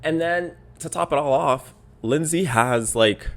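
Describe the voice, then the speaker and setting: Young male podcast host, bright edgy voice, exasperated storyteller. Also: fairly high pitch, unhurried. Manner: exasperated, animated storytelling with mocking quoted voices. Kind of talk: casual podcast rant.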